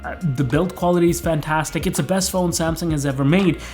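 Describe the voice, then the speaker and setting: A man in his thirties talking casually to camera as a tech vlogger, relaxed and chatty with plenty of fillers. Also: on the high side, brisk, faint music behind. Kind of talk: casual vlog talk to camera.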